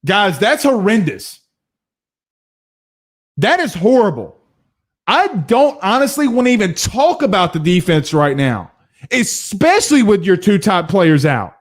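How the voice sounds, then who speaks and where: A man's voice: sits high, sing-song, a little slow, long pauses. Heated man on a sports show. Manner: blunt, heated, profane, laughs often. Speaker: sports show host reading viewer comments. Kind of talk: casual post-game sports talk.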